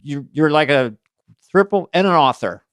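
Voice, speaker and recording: A man's voice: fairly high pitch, animated, normal speed, dry recording, clean studio sound. A man co-hosting a podcast, musing and complimentary in casual chat. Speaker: co-host.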